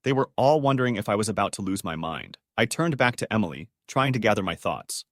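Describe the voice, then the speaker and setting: A man's voice: fairly low pitch, expressive, a little fast, hardly any pauses, no echo, studio quality. A man narrating a dramatic first-person story in a scripted, emotional read.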